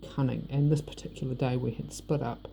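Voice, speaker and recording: A woman's voice: very deep voice, fairly even intonation, fairly quick, vocal fry, mellow, a little hiss or hum. A middle-aged woman with a New Zealand accent, talking frankly in a rambling personal vlog and not shy of swearing. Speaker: vlogger. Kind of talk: personal monologue.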